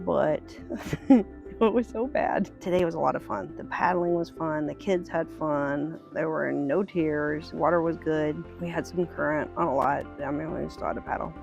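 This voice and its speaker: A woman with a somewhat low voice narrates her family vlog in a candid, chatty way. She laughs mid-sentence and calls out directions to her kids. Background music plays under her voice. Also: creaky, muffled recording. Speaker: family vlogger, mother of seven.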